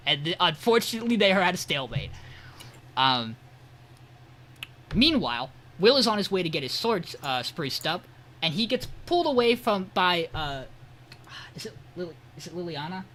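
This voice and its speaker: A man co-hosting a podcast, casually recapping an episode with animated storytelling and swearing, over a remote call. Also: a little high, a little fast. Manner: animated retelling, swears, quotes characters. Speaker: podcast co-host.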